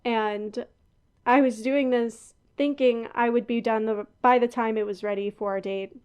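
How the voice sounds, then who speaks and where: Young female podcast host, slightly high voice, loose rambling delivery full of asides. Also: steady tone, a little slow, a little mellow, clear, resonant tone, dull audio. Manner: chatty and rambling, with frequent laughs and asides. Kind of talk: casual chat. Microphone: headphones on, talking into a podcast mic.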